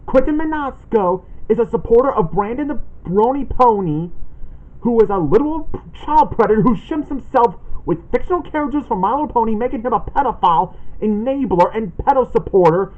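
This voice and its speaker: An indignant man hosts a ranting callout vlog and reads posts aloud in an accusatory tone. His voice is high and swings widely in pitch. The recording sounds dull and lo-fi. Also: animated, a little fast. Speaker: channel host making a callout video.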